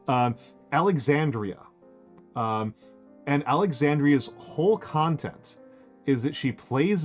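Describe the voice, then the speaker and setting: A man hosting a casual chat stream, rambling with many fillers and restarts and laughing often. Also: medium pitch. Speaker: streamer host. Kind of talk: casual chat while painting.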